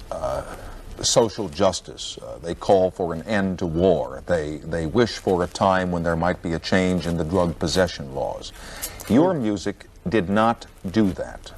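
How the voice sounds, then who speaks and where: A man's voice: sits low, a little hiss or hum. A man hosting a television talk show in a studio, asking probing questions and telling chatty stories. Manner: probing, chatty, laughs at his own stories.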